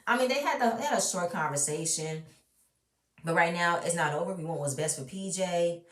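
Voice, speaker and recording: A woman's voice: on the low side, fairly quick, a bit bright. A woman ranting bluntly and with strong opinions while recapping a reality show, swearing freely. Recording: roomy, mic at a distance.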